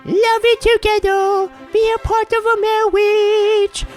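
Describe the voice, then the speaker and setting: A man's voice: level tone, takes it slowly, soft background music. A man putting on a silly comedian impression, a wedding officiant who babbles and sings nonsense noises. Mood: goofy. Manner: squeaky, sing-song, babbling nonsense noises.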